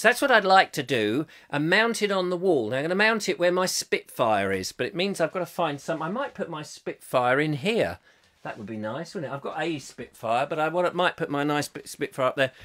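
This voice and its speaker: A middle-aged man hosting a live online chat show, chatting in a jokey, rambling way and reading out viewer comments. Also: fairly high pitch. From England. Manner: jokey and chatty, swings between loud and quiet asides.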